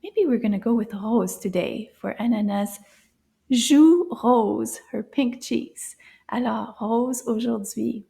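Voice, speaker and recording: A woman teaching a French lesson for children, cheerful and encouraging, mixing English with French and often dropping into soft whispers. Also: a little high, creaky.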